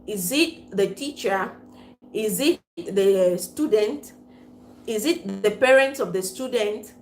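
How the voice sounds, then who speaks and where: A woman's voice: medium pitch, takes it slowly, a little mellow. A woman with a Cameroonian accent hosting a casual livestream chat, reading out viewer comments, laughing often and mixing pidgin with English. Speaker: livestream host. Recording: roomy echo, faint room noise.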